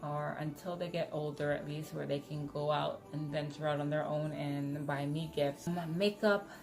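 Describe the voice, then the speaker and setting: A woman vlogger chatting casually to her viewers, excitable and self-correcting, talking with retainers in, so her words sound slightly muffled. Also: sits low, moderate pace, music in the background. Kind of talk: casual chat to camera.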